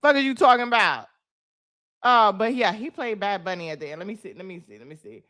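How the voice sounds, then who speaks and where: A woman's voice: medium pitch, a little fast, fairly bright tone, no room sound, studio quality. A woman co-hosting a live-stream chat, brash and profane, thanking viewers for their gifts.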